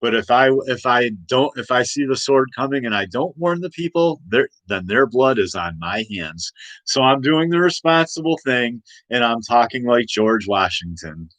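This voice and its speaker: A man's voice: medium pitch, expressive, normal speed, a bit bright, no echo, rough recording. A man ranting in a casual livestream, rambling and emphatic with many restarts. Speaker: livestream host. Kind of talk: casual political rant. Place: home room.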